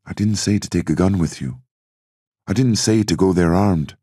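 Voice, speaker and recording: A man's voice: deep voice, normal speed, breathy edge, no room sound, clean studio sound, voice pushed up. A reproachful worried sister, as a male narrator voices her. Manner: reproachful, quiet. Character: scolding, worried adult sister.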